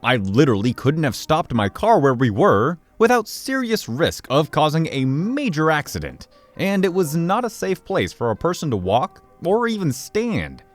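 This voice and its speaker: A man reading Reddit stories aloud in a lively, expressive way. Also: fairly high pitch, normal speed, hardly any pauses, faint music behind. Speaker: story narrator.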